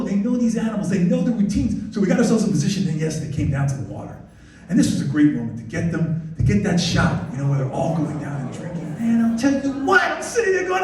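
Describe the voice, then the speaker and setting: A man giving a lively slide talk about wildlife photography, excitable and animated, often interrupting himself. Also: sits high. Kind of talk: lively presentation to an audience. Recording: distant echoey hall recording.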